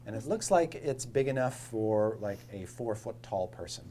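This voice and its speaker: A man narrating a tabletop game as dungeon master, describing scenes in a relaxed way with filler words. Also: lowish voice, moderate pace, slight background noise.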